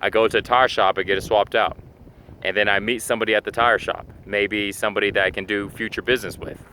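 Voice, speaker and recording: A man's voice: lowish voice, steady tone, fast talker, pushed and bright, slight background noise. A man giving a casual motivational talk to camera, chatty and full of "you know", acting out everyday scenes as he explains. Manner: acts out little scenes in quoted asides. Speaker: fitness and self-help video host.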